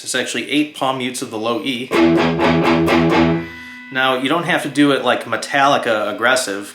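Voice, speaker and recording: A man teaching a guitar lesson in a relaxed, chatty way, humming and counting out strum rhythms as he plays. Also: mid-range voice. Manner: relaxed, chatty, sings and hums rhythms while playing. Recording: roomy sound with loud guitar playing. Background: his own electric guitar.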